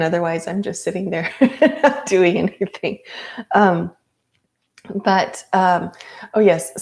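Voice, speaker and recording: A woman's voice: medium pitch, vocal fry, darkish tone. A woman teaching a live yoga class, chatty, with frequent ums and light laughs.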